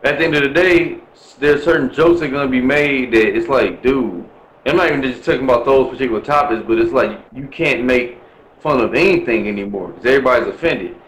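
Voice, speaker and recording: A man's voice: medium pitch, brisk, fairly bright tone, echoey room, a little hiss or hum, low-quality recording. A man from Milwaukee talking bluntly and profanely in a casual chat, ranting with lots of swearing. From Milwaukee, USA.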